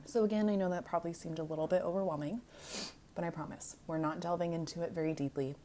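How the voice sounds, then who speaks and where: A woman teacher casually and quickly reassuring her class after a video. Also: lowish voice, steady tone, dark tone, a little hiss or hum.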